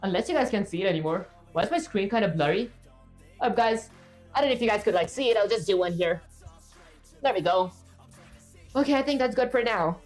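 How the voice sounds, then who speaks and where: A woman's voice: medium pitch, expressive, fast talker, faint music behind. Chatty woman streaming while she codes. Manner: chatty, rambling, with filler words and self-talk. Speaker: streamer coding live. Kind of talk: casual livestream commentary while coding. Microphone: streaming setup with webcam.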